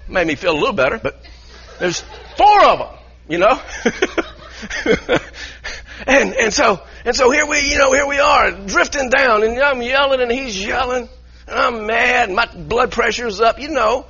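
A man, a pastor, telling an animated story in a sermon with laughing asides. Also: very high voice, unhurried, husky. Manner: animated, laughing asides, grows heated in retelling. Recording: dull lo-fi sound.

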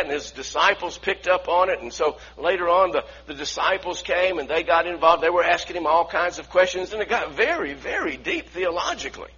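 A man preaching a sermon, swinging from loud, emphatic bursts to quiet, intense passages. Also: high-pitched, slightly rough. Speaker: pastor. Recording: slightly dull lo-fi sound.

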